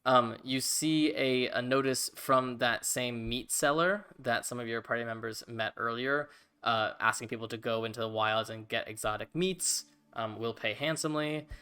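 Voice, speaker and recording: A man narrating a tabletop game as game master, in a relaxed, casual way with many fillers. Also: mid-range voice, moderate pace, clean tone.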